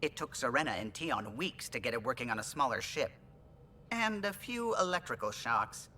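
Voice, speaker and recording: Bright lively alien pilot guy, proud of his ship, faint rumble behind. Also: moderate pace.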